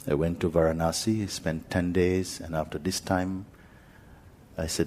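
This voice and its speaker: A man who teaches spirituality, telling a personal story to a gathering in a gentle, unhurried way with frequent pauses. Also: low-pitched, little pitch movement, slight background noise. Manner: gentle, unhurried, pausing often. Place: talk hall in India.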